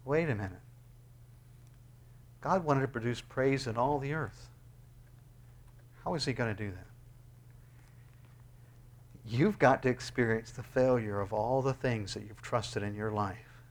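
A male pastor delivers a sermon, reading from scripture and ending with a prayer. His voice veers from loud, high-pitched exclamations to quiet, low asides, and he speaks unhurriedly with frequent pauses.

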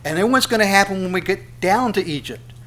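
A man preaching a sermon, animated, asking rhetorical questions and repeating phrases for emphasis. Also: high-pitched, brisk. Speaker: pastor.

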